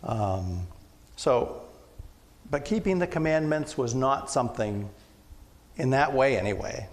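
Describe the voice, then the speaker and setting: A male pastor giving a conversational sermon, now and then acting out loud shouted quotes. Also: medium pitch. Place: church sanctuary. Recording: long church reverb, faint room noise.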